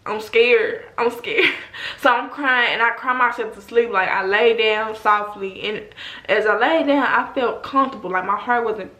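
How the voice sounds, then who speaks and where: A young adult woman vlogger telling a story in a slangy, animated way, talking straight to her viewers. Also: fairly high pitch, normal speed. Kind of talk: casual storytime. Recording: roomy echo.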